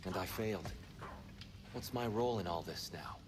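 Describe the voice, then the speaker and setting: A man's voice: low voice, moderate pace, close to an everyday voice. An actor playing a weary, self-doubting male war god in a video game. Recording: noisy game audio.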